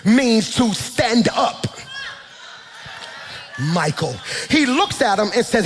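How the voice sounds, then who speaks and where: A man preaching a sermon as pastor, fervent and shouting in rising calls. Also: high-pitched, big pitch swings, slow, pauses often, big-room sound.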